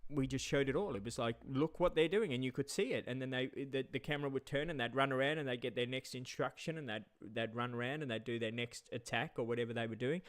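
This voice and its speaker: A man's voice: medium pitch, fast talker, hardly any pauses, a bit bright, no room sound. Heated ranting man. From Australia. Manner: heated, swearing, stammering repetitions. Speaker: live streamer. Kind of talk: angry livestream rant.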